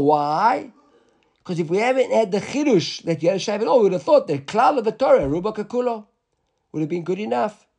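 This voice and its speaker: High-voiced man teaching a Talmud class. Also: darkish tone. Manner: conversational, explaining and translating terms into English.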